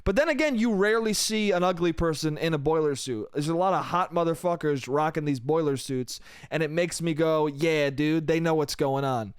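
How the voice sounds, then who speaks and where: A man's voice: a little high, a little fast, few pauses, clean tone, no echo, studio quality. A young man hosting a solo comedy podcast, rambling and self-mocking, swearing freely and calling the listener dude and bro. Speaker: podcast host.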